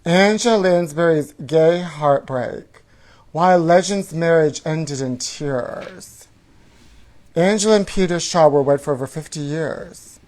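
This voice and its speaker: A man's voice: on the high side, unhurried, darkish tone. A man hosting a comedy show, reading tabloid headlines aloud in a campy, sassy, gossipy way and calling the listener honey.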